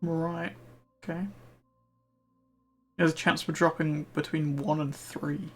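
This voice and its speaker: A man talks through his gameplay for a live stream in a loose, excitable way, cursing casually as he goes. His voice sits a touch high and sounds a little worn, as he is losing it. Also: slow pace, faint music behind. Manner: chatty, excitable, swears casually. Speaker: game streamer.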